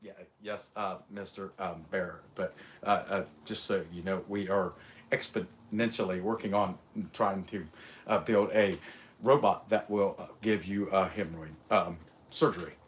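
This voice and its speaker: A man doing an impression of a famous tech billionaire, halting and stammering through ums and uhs. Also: low-pitched, steady tone, a little hiss or hum, voice pushed down. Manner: hesitant, full of ums and uhs.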